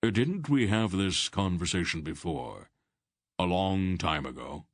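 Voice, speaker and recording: Man voicing a calm, wise old sorcerer. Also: low-pitched, no room sound, clean studio sound, heavily acted. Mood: patient, lecturing. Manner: calm, measured, gently firm. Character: wise, dry-humored old male sorcerer. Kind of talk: audiobook character voice.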